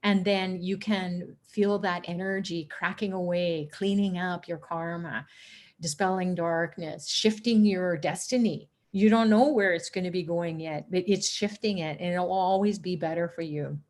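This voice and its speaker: Animated woman giving spiritual talk. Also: on the low side, measured pace. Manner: animated storytelling, acts out quotes with laughter. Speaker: spiritual teacher on a chanting call.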